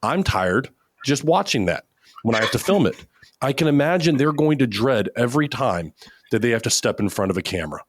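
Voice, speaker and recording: A man's voice: medium pitch, big pitch swings, a little fast, dry recording. A man talking as a podcast guest, giving confident coaching advice in a casual chat. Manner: confident, coaching, acts out examples. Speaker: podcast guest, media company founder.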